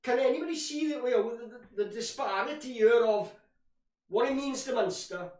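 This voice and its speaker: During a live watch-along, a male fan with a very high, darkish-toned voice comments on the match at a moderate pace. Frustrated, he rants and refers to his listeners as "boys," heard through roomy echo far from the mic.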